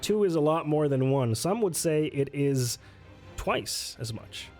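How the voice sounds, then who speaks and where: A man's voice: on the high side, lively intonation, unhurried, a little mellow, faint music behind. A man casually playing through a solo tabletop game on stream, reading rules aloud, answering chat and laughing often. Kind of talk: casual livestream play-through.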